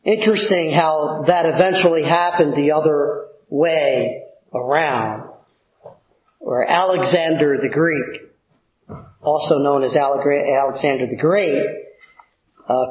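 A man preaching a sermon, teaching slowly and deliberately with pauses and filler words. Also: on the high side. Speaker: pastor. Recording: echoey room, dull lo-fi sound.

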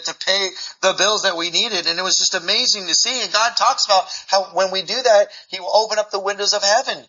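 A man's voice: high-pitched, breathy edge. A man preaching a sermon, repeating words as he restarts his sentences and acting out little dialogues. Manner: acts out dialogue in lively voices. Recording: dull lo-fi recording.

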